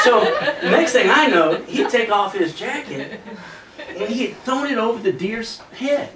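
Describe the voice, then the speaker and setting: Recorded on a distant camcorder in a roomy space with heavy noise, this man relates a humorous hunting anecdote in a relaxed way. His voice is high and expressive, his pace measured, and he laughs frequently.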